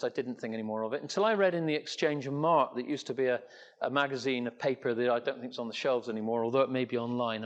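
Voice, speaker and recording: A man's voice: medium pitch, dull audio. Rambling older Englishman telling a story. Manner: rambling storyteller, many fillers and restarts. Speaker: entrepreneur speaker. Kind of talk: anecdotal talk to an audience.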